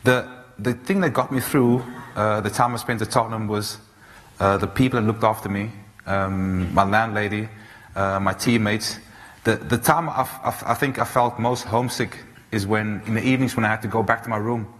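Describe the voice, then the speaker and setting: A man in his thirties from South Africa, giving an animated storytelling talk on stage, full of restarts and fillers. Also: on the low side, normal speed. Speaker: speaker. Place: large auditorium. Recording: reverberant hall, faint noise.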